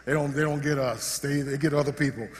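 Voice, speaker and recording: A male pastor preaching a sermon, animated and joking, often restarting his sentences. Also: mid-range voice, fast talker. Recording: long hall reverb.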